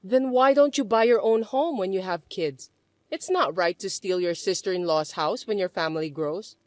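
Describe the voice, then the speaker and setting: A woman as a cool, measured businesswoman. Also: medium pitch, dry recording, studio quality, lightly acted. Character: calm self-made businesswoman, young adult. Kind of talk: dramatized story dub.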